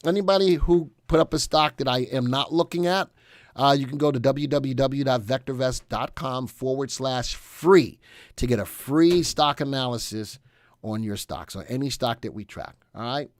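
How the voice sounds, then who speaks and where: A man's voice: mid-range voice, moderate pace, dry recording, studio quality. Upbeat middle-aged man hosting a live stream. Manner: upbeat and joking, chatting with viewers. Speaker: stock analysis live stream host. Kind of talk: casual live stream talk.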